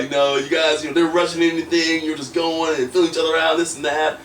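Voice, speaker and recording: A man's voice: a little high, flat delivery, fast talker, few pauses, fairly bright tone. Guy rambling through a story, lots of um and you know, sounds kinda far from the mic, echoey. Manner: rambling, full of fillers, acts out quotes. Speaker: wrestler guest. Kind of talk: casual storytelling interview. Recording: roomy echo, distant from mic, faint noise.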